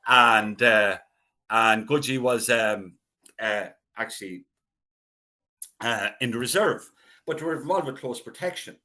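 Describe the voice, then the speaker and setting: A middle-aged Irish man spins stories at an easy, chatty pace. His pitch sits in the middle, and he drops into little voices to act out what people said. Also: unhurried, pauses often, bright, forceful tone. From Ireland. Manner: chatty anecdotal storyteller, acts out quoted voices. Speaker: guest, local historian. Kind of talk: casual storytelling interview.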